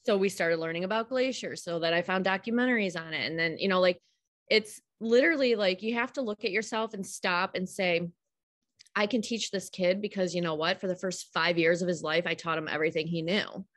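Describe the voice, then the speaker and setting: A woman's voice: lowish voice, brisk, a bit bright. A woman guest, a homeschooling mother, talking things through at length in an earnest, open way during a casual live call.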